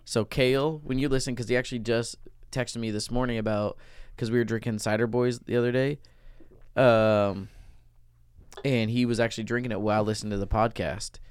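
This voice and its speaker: A man in his twenties co-hosting a podcast in casual chat, excitable and quick to swear. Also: medium pitch, clean tone, no echo. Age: 20s. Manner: excitable, swears when pumped. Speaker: podcast co-host. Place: podcast studio.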